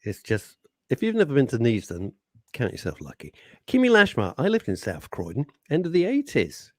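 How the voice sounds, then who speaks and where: A man's voice: mid-range voice, huge pitch swings, normal speed, no echo. A man co-hosting a radio show in casual banter, teasing his partner and reading out listener messages. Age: older. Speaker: radio co-host. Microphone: studio microphone.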